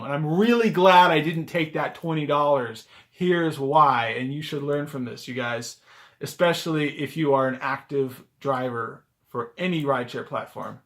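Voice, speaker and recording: A man's voice: on the high side, normal speed. A man vlogging as a rideshare driver, telling a story casually to a camera on a gimbal, with lots of "like" fillers. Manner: chatty, animated, lots of "like" fillers. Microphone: handheld camera on a gimbal.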